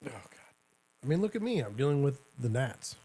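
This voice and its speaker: A man's voice: mid-range voice, big pitch swings, moderate pace, warm tone. A middle-aged man hosting a talk show, rambling and sarcastic in casual commentary, often cutting himself off mid-sentence. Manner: rambling, sarcastic, self-interrupting. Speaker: show host.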